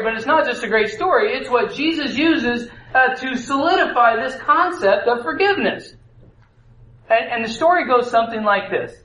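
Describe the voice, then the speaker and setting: A man's voice: high voice, a bit bright. A man giving a conversational sermon on marriage, asking his listeners questions and acting out the voices in the stories he tells. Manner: conversational, asks the audience questions; acts out story voices. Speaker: preacher. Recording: echoey room.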